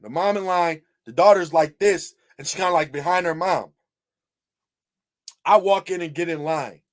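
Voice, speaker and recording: A man from Michigan giving casual, animated reaction commentary, firing off repeated rhetorical questions and swearing freely. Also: on the high side, moderate pace. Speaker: video commentator.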